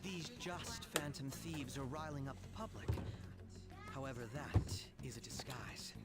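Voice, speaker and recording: A man voicing a smooth, scheming young male detective in a video game, polished and calculating. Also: medium pitch, unhurried, over loud music, close to an everyday voice.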